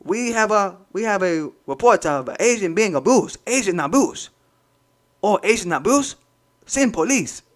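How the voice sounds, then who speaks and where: A man's voice: high voice, lively intonation, normal speed. A man putting on the voice of a male hotline operator, in clipped, mocking lines.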